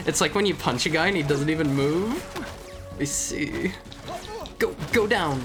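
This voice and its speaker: A male streamer with a slightly raspy sick voice, commentating his own gameplay live, excitable, stammering and yelping when he panics. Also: high voice, unhurried, music in the background. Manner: excitable, yelps and panics, stammers and restarts often.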